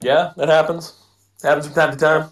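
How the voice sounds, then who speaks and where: A chatty man co-hosting a relaxed movie discussion, his voice sitting a little on the high side. He laughs easily and talks his way through his notes. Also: fairly quick. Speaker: podcast co-host. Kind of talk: casual movie review chat.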